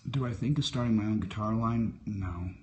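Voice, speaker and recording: A man in his fifties chatting casually on a phone live stream, answering viewer comments in a musing, unhurried way and drifting from topic to topic. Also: on the low side, warm tone, slight background noise. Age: 50s. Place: hotel at sunrise. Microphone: phone held for a live stream.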